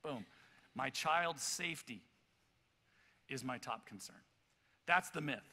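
A man preaching a sermon as pastor, telling a story in an animated, loud way with many stammered restarts. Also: medium pitch, slow pace. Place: church auditorium. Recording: reverberant church hall.

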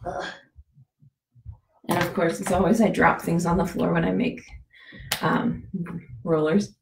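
A woman with a scratchy, gravelly voice, giving a chatty how-to demonstration, rambling with many fillers and restarts. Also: lowish voice, fairly even intonation, measured pace, echoey room. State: scratchy voice from a cough. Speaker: essential oil demonstrator.

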